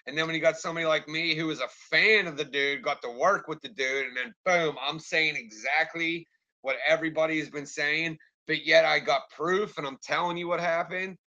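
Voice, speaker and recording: A man's voice: a little high, brisk, bright, forceful tone, muffled recording. A man ranting on a live stream and answering his chat, angry, rambling and swearing constantly. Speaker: livestreamer talking to chat.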